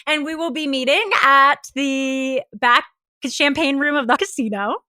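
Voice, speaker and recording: Woman podcast co-host, bright tone, dry close mic, joking conversational delivery. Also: high voice, no room sound. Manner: playful, jokey, quick asides. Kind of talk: casual chat.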